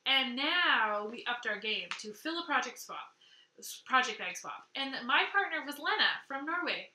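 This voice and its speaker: A woman from Canada hosting a knitting video podcast, chatting excitedly to camera and gushing over gifts she received. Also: high voice, normal speed, roomy sound, slight background noise. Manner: excitable, gushing, laughs often. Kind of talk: casual chat to camera.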